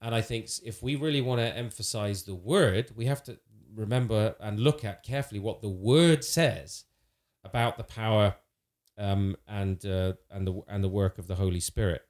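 A man with a fairly low voice speaks earnestly in a relaxed theological conversation. He restarts phrases and uses fillers as he thinks aloud. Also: moderate pace.

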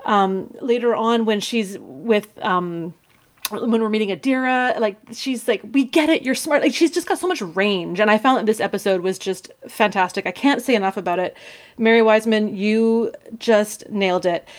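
A woman's voice: medium pitch, normal speed. A woman co-hosting a podcast, gushing and emphatic, dropping casual swears. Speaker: podcast co-host.

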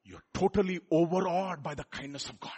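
A man preaching a sermon, swinging from loud exclamations to soft asides and putting questions to his listeners. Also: on the high side, fairly quick, breathy edge.

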